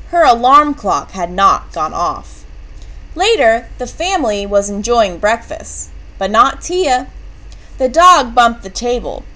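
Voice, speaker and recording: Slow, lively woman reading a children's story. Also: a little high, poor audio. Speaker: storybook reader. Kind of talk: reading a children's book aloud.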